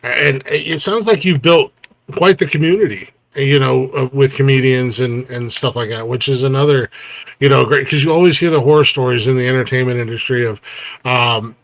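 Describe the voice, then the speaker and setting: A man's voice: medium pitch, normal speed, rough recording. Easygoing man hosting an interview. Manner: easygoing, filler-heavy, supportive. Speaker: talk show host. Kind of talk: casual interview chat.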